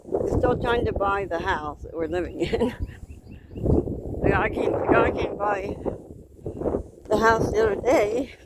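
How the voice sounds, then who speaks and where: A woman's voice: medium pitch, unhurried, long pauses. A woman vlogger chatting casually and rambling while she walks outdoors in a park. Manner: rambling, chatty, laughs between remarks. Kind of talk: casual chat while walking. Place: outdoors in a park on a cold windy day. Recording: wind noise outdoors.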